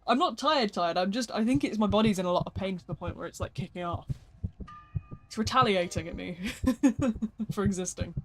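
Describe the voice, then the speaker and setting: Live game streamer, sleepy and yawning throughout, chatty slang, self-deprecating rambles, mid-pitched voice. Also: a little fast, faint music behind. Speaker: gaming livestreamer. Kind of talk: casual livestream chat while playing.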